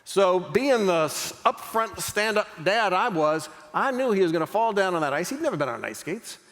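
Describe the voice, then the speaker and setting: A man's voice: high-pitched, normal speed. A middle-aged man giving a motivational keynote speech, telling a story and acting out the lines of each person in it. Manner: animated, acts out dialogue in character. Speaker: keynote speaker. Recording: long reverb of a large hall.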